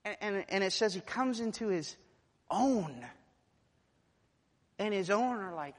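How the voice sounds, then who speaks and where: A male preacher delivering a sermon to a congregation. His voice rises from near-whispers to forceful, climbing peaks of emphasis. The sound carries a long, reverberant hall tail around every phrase. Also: sits high, expressive, a little slow. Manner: builds from hushed to loud and emphatic.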